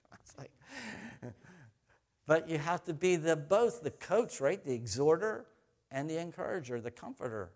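A middle-aged pastor preaches with an animated voice on the high side, at normal speed but with long pauses. He tells family stories conversationally, building to loud exhortation before softening into tender asides.

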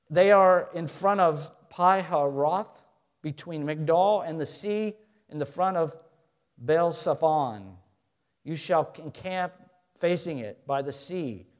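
A man preaching a sermon in an animated way, rising loud and then dropping quiet, asking his listeners questions. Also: a little high. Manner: asks the audience questions. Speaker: pastor.

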